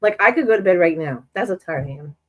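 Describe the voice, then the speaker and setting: Woman, sewing-stream host: rambling, chatty, restarts a lot, a bit low, stuffy from a cold. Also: animated, fast talker, a little hiss or hum, poor audio. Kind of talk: casual chat while sewing on a live stream.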